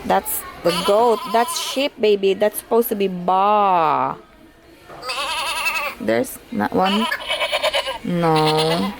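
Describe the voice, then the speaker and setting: A woman showing a baby a sound book, speaking in a gentle sing-song and imitating animal noises. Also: medium pitch, takes it slowly, creaky, over loud music. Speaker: caregiver playing with a baby.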